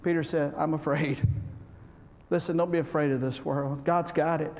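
High-voiced preacher joking from the pulpit. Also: male voice, fairly even intonation, moderate pace. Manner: folksy, joking, shifts between loud and soft. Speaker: pastor. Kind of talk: humorous sermon. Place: church sanctuary. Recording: reverberant hall with faint background noise.

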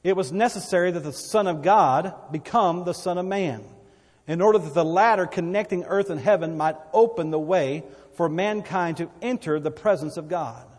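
Male pastor, a bit high-pitched, preaching with repeats and swells, church hall reverb. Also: normal speed, darkish tone. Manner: preaching with repetitions and swells of volume. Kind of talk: sermon.

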